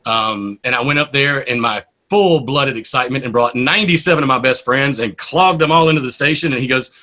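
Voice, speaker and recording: Bright-voiced man telling stories. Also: mid-range voice, a little fast. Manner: animated storyteller. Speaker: poet and radio show host, guest. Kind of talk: casual interview storytelling.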